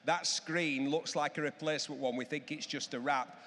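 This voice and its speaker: Excitable middle-aged expert telling stories in a hall. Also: male voice, fairly high pitch, moderate pace. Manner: animated storytelling, emphatic advice. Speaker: motorcycle expert guest. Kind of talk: enthusiastic anecdotal chat. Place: auction hall. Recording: long reverb of a large hall.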